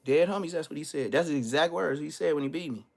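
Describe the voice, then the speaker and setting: A man's voice: on the high side, quick pace, vocal fry, a little mellow. A man hosting a livestream. He tells stories casually in loose street slang and acts out other people's lines. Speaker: livestream host.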